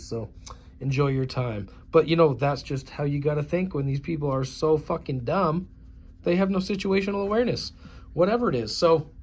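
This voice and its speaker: A man's voice: a little high, darkish tone. Profane, scornful man in his forties. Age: 40s. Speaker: YouTuber. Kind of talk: ranting vlog monologue.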